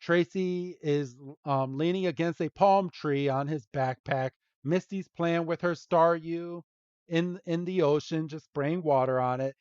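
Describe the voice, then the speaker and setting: A man's voice: fairly high pitch, measured pace, darkish tone, clear, resonant tone, no room sound. A man hosting a podcast, recapping a cartoon episode in a loose, rambling way and chuckling often. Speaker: podcast host. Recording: dull lo-fi dry sound.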